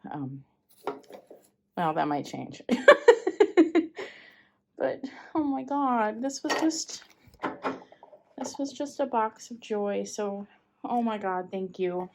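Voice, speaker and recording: A young woman, chatting casually as she opens packages, gushing with excited exclamations. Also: medium pitch, takes it slowly, vocal fry, pauses often, a little hiss or hum. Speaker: vlogger. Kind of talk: casual unboxing chat.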